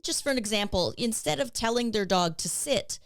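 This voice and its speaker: A woman's voice: a little high, expressive, a little fast, no echo, clean studio sound. A woman co-hosting a dog training podcast, talking bluntly and animatedly, with frequent agreeing fillers. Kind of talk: casual podcast conversation.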